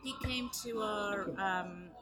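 Casting: woman podcast host, mid-pitched, halting and casual, restaurant with music behind. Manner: hesitant, halting questions with many fillers. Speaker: interviewer. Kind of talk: casual interview over lunch. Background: background music.

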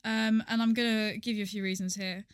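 A woman's voice: mid-range voice, level tone, brisk, no room sound, studio quality. A young woman co-hosting a casual podcast, teasing and laughing as she chats candidly. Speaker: podcast co-host.

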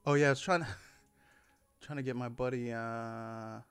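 Man, solo podcast host, casual rambling chat, lots of fillers, swears freely, smooth voice. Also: mid-range voice, fairly even intonation, a little slow, a bit bright, dry recording.

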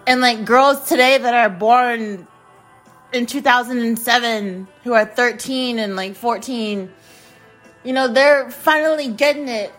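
A woman's voice: fairly high pitch, unhurried, a bit bright, faint music behind. A young woman hosting a podcast, chatting casually and gushing about a band she loves, rambling and laughing often. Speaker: podcast host. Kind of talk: casual fan chat.

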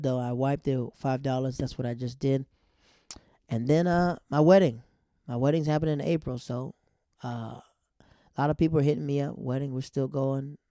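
A man's voice: medium pitch, gravelly, warm tone, no room sound, clean studio sound. A young man hosting a podcast, chatting loosely and laughing at his own stories. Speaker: podcast host. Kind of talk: casual storytelling monologue.

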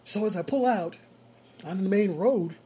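A man, a rideshare driver, tells a story from his shift in a loose, casual way. He is animated and breaks into chuckles often, and his voice has a mellow, warm tone. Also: high-pitched, moderate pace, slightly rough.

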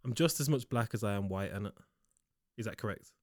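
Animated man in his twenties. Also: lowish voice, a little fast, no echo, studio quality. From Liverpool, England. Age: 20s. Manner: animated, argumentative, laughing, London-style slang. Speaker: podcast co-host. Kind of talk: casual chat.

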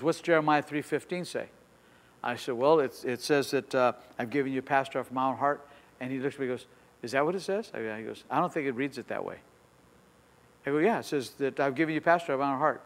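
Older guy pastor preaching, kinda high voice, acts out the dialogue, gets loud, big echoey church hall. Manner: animated, acts out dialogue, repeats phrases, builds to shouts. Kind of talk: sermon storytelling.

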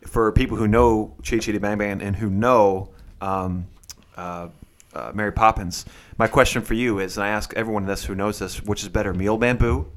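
Low-voiced man rambling opinions. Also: steady tone, moderate pace. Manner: opinionated, rambling, repeats words. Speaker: podcast co-host. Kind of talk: casual chat.

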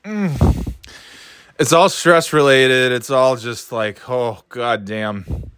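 A man's voice: medium pitch, takes it slowly, fairly bright tone, clean tone, no echo. A middle-aged man ranting casually, swearing often, sarcastic and grumbling, often stumbling and restarting his words. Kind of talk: rambling casual rant.

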